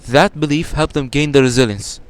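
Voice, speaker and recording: A man's voice: fairly high pitch, fairly quick. A young man answering as a podcast guest in casual talk, explaining earnestly and building emphasis.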